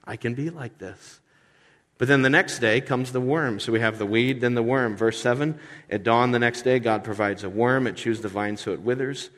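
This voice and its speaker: A man preaching in a church, with a long reverb filling the space around him. His pitch sits in a middle range. He preaches with lively energy, acts out voices and pokes fun at himself. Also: normal speed. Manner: lively preaching with acted-out voices and self-deprecating humor. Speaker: pastor. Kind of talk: sermon.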